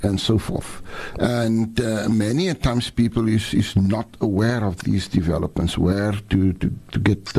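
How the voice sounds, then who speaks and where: A man's voice: fairly low pitch, vocal fry, a little mellow, breathy edge. A middle-aged man with a Cape Town Afrikaans-influenced English accent, answering radio interview questions earnestly, often restarting his words. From South Africa. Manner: halting, repeats words, earnest. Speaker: mayor-elect guest.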